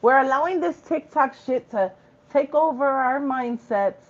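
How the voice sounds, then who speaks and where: A woman preaching spiritual tough love in a vlog. Her voice sits fairly high, and she talks bluntly, full of cursing and slang. The recording sounds dull and lo-fi. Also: expressive, unhurried. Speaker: spiritual reader.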